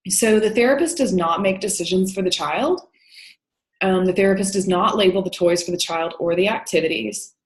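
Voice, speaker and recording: In a rough recording with an echoey room, a woman teaching counseling lectures in a voice on the low side at a moderate pace. She explains things step by step, often saying "um" and "you know."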